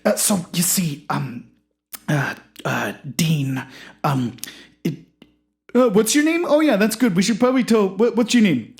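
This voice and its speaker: A performer voicing an excitable, clueless sports talk show host who rambles loudly in a comedy podcast sketch. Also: mid-range voice, measured pace, long pauses, pitched above the performer's own voice. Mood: excited.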